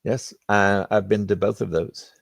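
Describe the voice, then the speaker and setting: Older guy, gravelly and kinda low, dry close sound, easygoing stories. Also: fairly even intonation, dry recording. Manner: unhurried, anecdotal, plainspoken. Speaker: podcast guest, retired flight surgeon. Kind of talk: conversational interview storytelling.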